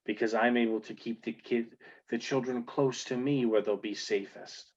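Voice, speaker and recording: A man's voice: medium pitch, fairly even intonation, moderate pace, natural voice. A man voicing a pompous woman mayor who keeps praising her own leadership, with grand words and hesitant fillers. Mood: boastful. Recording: muffled lo-fi recording.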